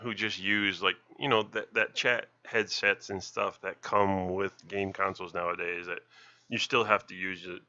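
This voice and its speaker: Guy with a bright sharp voice going on about gaming, dry close lo-fi sound. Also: deep voice, flat delivery, moderate pace, no room sound. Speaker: podcast co-host. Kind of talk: casual chat.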